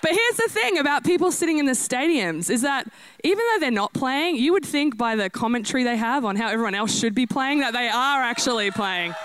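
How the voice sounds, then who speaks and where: A woman preaching a lively, self-deprecating sermon to a church congregation. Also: sits high, a little fast, clean tone. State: out of breath. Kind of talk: energetic sermon.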